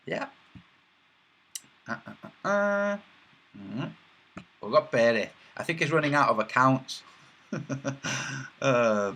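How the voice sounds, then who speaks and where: A husky-voiced man chats casually on a livestream. His pitch swings widely and his tone is bright and sharp. He rambles and mocks, filling pauses with stretched sounds. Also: lively intonation. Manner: rambling and mocking, with many filler sounds. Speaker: livestream host reading chat.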